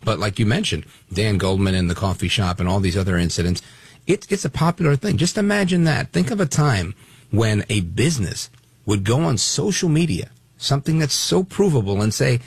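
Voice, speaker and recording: A man's voice: fairly low pitch, expressive, brisk, breathy edge, no room sound. A middle-aged man from Brooklyn hosting a talk radio call-in show, talking emphatically with many fillers. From Brooklyn, New York.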